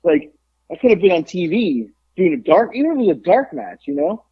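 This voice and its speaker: A pro wrestler guesting on a podcast tells a wrestling story in loose, profane chatter, animatedly acting out what other people said. His voice is high, husky, and a little fast. The audio is dull and lo-fi.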